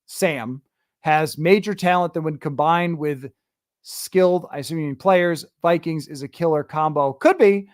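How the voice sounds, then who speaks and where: A man with a fairly high voice hosts a sports podcast in a loose, conversational way, reading out viewer comments and answering them with opinionated asides. The sound is dry and close, with no room echo. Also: normal speed. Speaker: podcast host.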